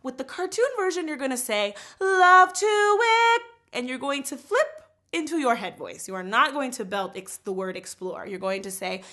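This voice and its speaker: Bright, lively woman teaching singing. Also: fairly high pitch, fairly quick, few pauses. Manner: animated, explains with sung and spoken examples. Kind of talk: casual singing lesson.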